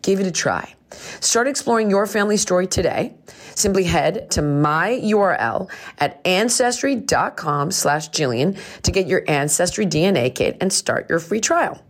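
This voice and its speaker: A woman's voice: on the low side, animated, normal speed. A woman hosting a podcast, reading a sponsor ad in an upbeat way, speaking straight to her listeners. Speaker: podcast host. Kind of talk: ad read.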